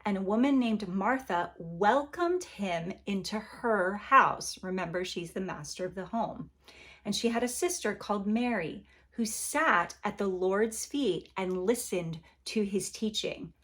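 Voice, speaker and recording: A woman teaching a devotional Bible lesson at a mid-range pitch for a woman. She talks like a friend across the table, gentle and encouraging, and now and then slips into a playful acted-out quote. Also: unhurried. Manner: conversational and animated, acting out quotes playfully.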